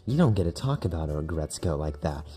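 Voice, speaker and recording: A man's voice: rumbling low, very animated, fast talker, dark tone, breathy edge, full character voice. A man voicing a fierce, foul-mouthed young woman who picks fights and curses. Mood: angry. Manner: aggressive, cursing.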